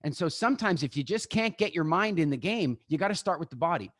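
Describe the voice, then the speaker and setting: A man talking to an online audience over a video call, his pitch rising and falling in a lively way. He acts out little scenes and turns to his listeners directly. The sound is dry and close. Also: fast, few pauses, no echo. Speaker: guest speaker. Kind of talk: live online talk to an audience.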